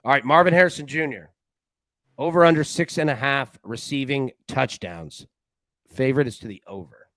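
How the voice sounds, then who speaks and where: A man hosting a sports betting show in casual chat, an animated, rambling storyteller who often restarts his sentences. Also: mid-range voice, moderate pace, dry recording. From Tennessee.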